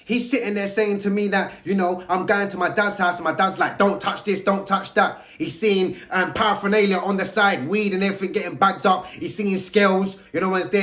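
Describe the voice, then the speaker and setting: A man's voice: high-pitched, fairly bright tone. A man, a youth mentor giving a blunt, preachy monologue full of street slang. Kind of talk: direct-to-camera monologue.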